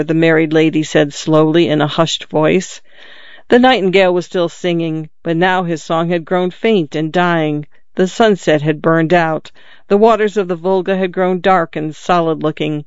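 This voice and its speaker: A man narrating a story in a measured, expressive reading, close to the mic. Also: fairly high pitch, clear, resonant tone, no room sound. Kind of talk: scripted narration. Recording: slightly dull, dry lo-fi recording.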